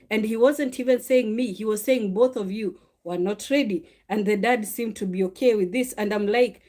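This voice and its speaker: Brief: middle-aged woman, mother sharing faith testimony, animated and confessional. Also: mid-range voice, moderate pace. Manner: animated, confessional, acts out quoted dialogue. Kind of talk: personal faith talk, storytelling.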